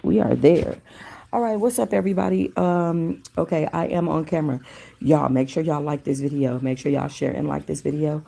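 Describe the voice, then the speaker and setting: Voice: medium pitch, creaky, dark tone. A gossip channel host chatting casually and directly to viewers during a livestream. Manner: chatty, talks straight to viewers.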